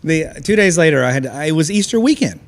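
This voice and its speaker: A man's voice: on the high side, lively intonation, quick pace. A man hosting a podcast, telling a story in casual chat with friends, laughing often. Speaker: podcast host.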